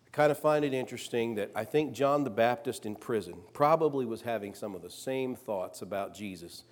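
A man preaching a sermon, reading scripture aloud and rising louder on the quoted lines. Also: medium pitch, brisk.

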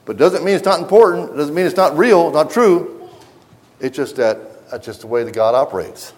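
A man's voice: on the high side, moderate pace. Earnest middle-aged man preaching to parents. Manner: earnest, repetitive restarts, reads aloud from a book. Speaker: pastor. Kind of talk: sermon.

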